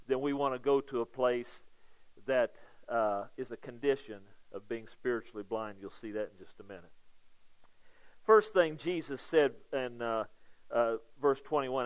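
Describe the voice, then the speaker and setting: A pastor preaches a sermon to his congregation as if holding a conversation, checking in with "okay?" and growing louder on key points. He has a mid-range voice, and the recording is low quality.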